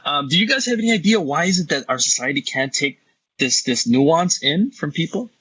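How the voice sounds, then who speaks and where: A man's voice: fairly high pitch, animated, brisk, pushed and bright, a little hiss or hum. A man moderating a panel in a casual, affirming way, agreeing with the speakers and passing questions on to others. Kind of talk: candid panel discussion. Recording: dull lo-fi audio.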